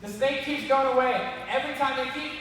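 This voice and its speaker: A man preaching to kids, animated and repeatedly calling them to listen. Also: extremely high pitch, fairly quick. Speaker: youth speaker. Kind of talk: sermon to kids. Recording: echoey hall from far off, faint noise.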